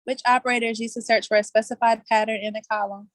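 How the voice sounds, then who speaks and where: On a video call from outside, a woman leads a casual live online quiz, chatty, playful and full of laughter and colloquial slang. Her voice is on the high side with little pitch movement, and she talks at a quick pace. The recording is dry.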